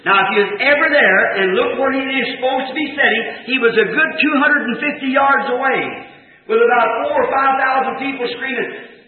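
A high-pitched man preaching a fervent sermon, acting out each scene with shouts and chanted lines. The sound is thin and tinny, like an old tape, and it rings in an echoey room.

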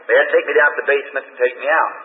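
A man's voice: medium pitch, steady tone, rapid-fire. A man preaching a sermon, telling a story in a folksy, conversational way with quoted dialogue, in a large hall on an old recording. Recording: tinny, distant, echoey old hall recording.

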